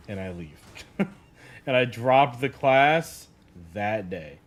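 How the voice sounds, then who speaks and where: A young adult man telling a casual story, animated and peppered with "like". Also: on the low side, slow pace. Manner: animated, heavy use of "like". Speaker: streamer.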